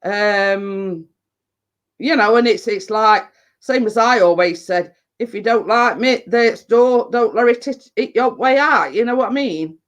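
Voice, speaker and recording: On a casual live stream, an English baking vlogger rambles bluntly, filling her talk with fillers and "you know what I mean." Her voice is fairly high and a little slow. The audio sounds dull.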